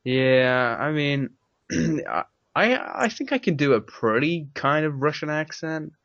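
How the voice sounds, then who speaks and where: A man's voice: on the high side, lively intonation, slow pace, a bit bright, no echo. A man with an English accent hosting a casual podcast chat, rambling and laughing often. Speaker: podcast host. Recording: dry, dull lo-fi mic.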